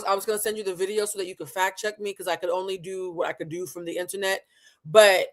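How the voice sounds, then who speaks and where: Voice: medium pitch, level tone, fast, fairly bright tone. A livestream host giving impassioned commentary on a talk show and calling listeners honey and baby.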